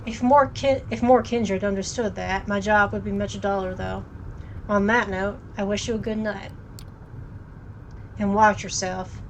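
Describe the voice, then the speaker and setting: A woman voicing a stern, dutiful male vampire sheriff in a game read-through, speaking in a clipped, measured way. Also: mid-range voice, steady tone, a little hiss or hum, lightly acted, rough recording. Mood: warning.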